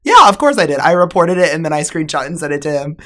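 Chatty young woman with a low voice. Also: sing-song, fast. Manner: chatty, laughing, lots of "like". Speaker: podcast co-host. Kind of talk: casual chat.

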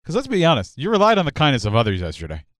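A man co-hosting a talk show, teasing and arguing quickly. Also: a little high, huge pitch swings, a bit bright, dry recording, studio quality. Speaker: radio show co-host. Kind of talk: casual talk show chat.

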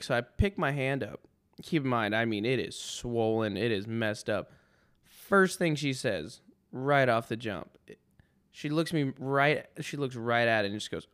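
Smooth-voiced man telling a rambling story. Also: mid-range voice, expressive, unhurried, a bit bright. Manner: rambling and sarcastic, with frequent restarts. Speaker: podcast host. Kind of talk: casual storytelling monologue.

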